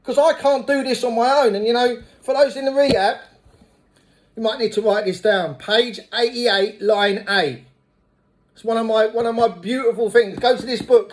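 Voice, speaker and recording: Brief: middle-aged man, high voice, blunt and profane, giving a lively recovery testimony. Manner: blunt, swears freely; lively storyteller. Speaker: speaker at a recovery meeting.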